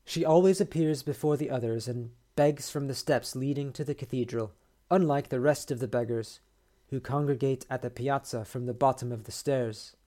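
A man podcast host reading a short story aloud in a measured, steady way. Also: mid-range voice.

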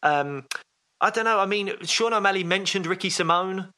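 A man co-hosts a sports podcast, chatting casually at normal speed in a high, sharp-toned voice. He rambles, using fillers and restarting his sentences.

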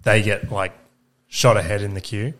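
A man's voice: fairly low pitch, fairly even intonation, normal speed. An Australian man co-hosting a podcast in casual chat, laid-back, explaining things and throwing in short agreeing replies. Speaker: podcast co-host.

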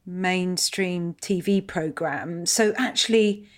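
A woman's voice: on the low side, slow pace. A woman, a podcast guest in casual chat, playful and thinking aloud.

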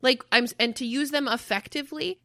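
A woman co-hosting a podcast, talking emphatically and swearing freely. Her voice is bright and forceful, recorded dry and close with no room sound. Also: sits high, brisk, dry recording. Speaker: podcast co-host. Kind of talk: casual chat.

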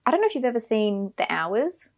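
A woman's voice: a little high, big pitch swings, a little fast. A woman co-hosting a casual film-review podcast, ranting with emphatic disbelief. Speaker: podcast co-host.

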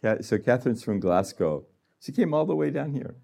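A man's voice: mid-range voice, lively intonation, normal speed, gravelly, mellow. A man giving a conversational sermon to a gathering, laughing often and acting out little voices. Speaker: healing room director speaking.

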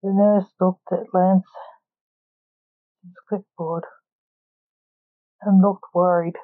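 A woman reading her own story aloud as narrator, in an even, unhurried way. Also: on the low side, no room sound. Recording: tinny phone-like audio.

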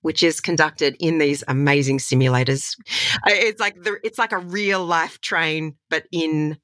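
An Australian woman talks as a voice coach in an interview, lively and enthusiastic. Her voice sits on the low side. The close mic gives a dry sound. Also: measured pace, dry recording. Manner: enthusiastic, animated storytelling with laughs. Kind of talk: conversational interview.

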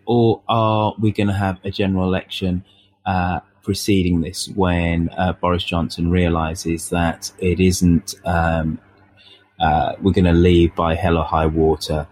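Deep-voiced male host, halting. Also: flat delivery, darkish tone. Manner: halting, many fillers. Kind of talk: political discussion.

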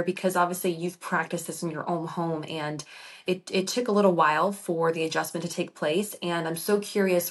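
A woman podcast host who asks her guest questions in a curious, measured way. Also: fairly low pitch. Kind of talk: interview questions.

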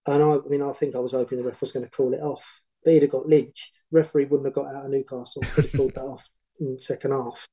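Middle-aged man, mellow, animated storyteller. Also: medium pitch, fast talker, poor audio. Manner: animated, rambling anecdotes with many restarts. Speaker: former football manager, podcast guest. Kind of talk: casual storytelling.

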